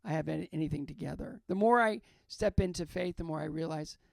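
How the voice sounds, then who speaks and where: An older man, a guest in an interview, talking earnestly about faith, halting and repeating his phrases. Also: fairly high pitch, gravelly, dry recording, clean studio sound. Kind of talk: reflective faith talk in an interview.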